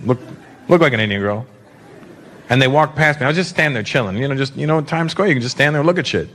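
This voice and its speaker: A man from Canada performing a stand-up comedy set on a club stage, talking to the audience and breaking into loud shouted bits as he acts out characters. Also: medium pitch, animated, fast talker. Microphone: handheld stage mic. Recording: live club recording with crowd noise.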